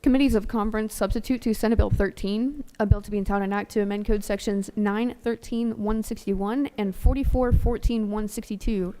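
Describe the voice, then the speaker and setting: A woman serving as senate secretary, reading legislative text aloud in a steady formal way. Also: medium pitch, a little fast, hardly any pauses.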